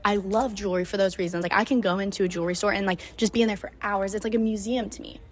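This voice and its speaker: A young woman in her twenties talks through a travel story at a rapid clip, gushing as she goes. Her sentences are stuffed with "like," and she drops casual swears along the way. Her voice sits at an everyday middle pitch. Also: steady tone. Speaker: podcast host.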